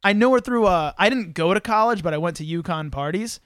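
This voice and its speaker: A man with a high, quick voice hosts a podcast, excitable and swearing freely as he rambles. The sound is dry and close, with no room around it. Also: no echo. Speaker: podcast host. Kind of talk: casual chat. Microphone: headphones and studio mic.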